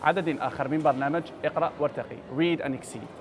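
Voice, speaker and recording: A man's voice: on the high side, rapid-fire, noisy background. A man from Algeria hosting a reading lesson, reading a story aloud to children in a friendly, encouraging way. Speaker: teacher and show host.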